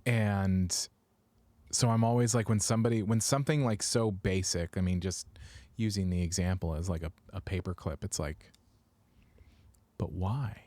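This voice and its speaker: A man's voice: low-pitched, steady tone, moderate pace, darkish tone, no room sound. A man co-hosting a podcast in casual chat, hesitant and restarting his sentences. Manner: thoughtful, hesitant, many restarts. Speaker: podcast co-host.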